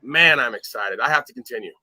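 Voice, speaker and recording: A man hosting a livestream, ranting in a profane, boastful way that jumps between loud outbursts and low muttering. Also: animated, fast, dry recording. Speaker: livestream host.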